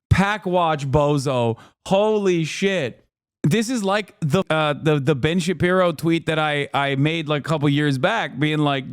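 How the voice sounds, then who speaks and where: A man in his thirties streaming a reaction, talking casually and excitedly with laughs and quick bursts of exclamation. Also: fairly high pitch, clear, resonant tone, no room sound, clean studio sound. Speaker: streamer reacting to a debate video.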